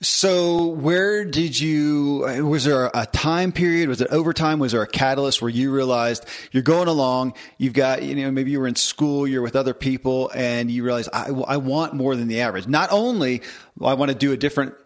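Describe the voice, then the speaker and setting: A man's voice: medium pitch, normal speed. A man hosting an interview podcast, asking long follow-up questions. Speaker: podcast host.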